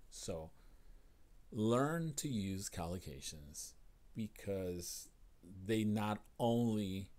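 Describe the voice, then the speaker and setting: An American man teaching English on a live stream, greeting viewers and repeating phrases slowly and with emphasis. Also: sits low, warm tone. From United States.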